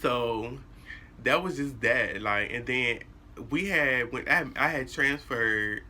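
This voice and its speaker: A young adult man tells a personal story straight to his viewers. His voice is very bright and sharp, and he talks in a blunt, animated way with plenty of cursing. A faint hum sits in the background. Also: medium pitch, slow. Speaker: vlogger. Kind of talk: casual storytime monologue.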